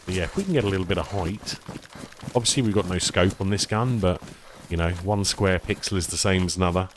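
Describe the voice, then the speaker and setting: A man's voice: low voice, fast talker, a little hiss or hum. A man chatting casually to viewers while playing a survival game, self-deprecating and rambling. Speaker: streamer. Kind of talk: casual gameplay commentary.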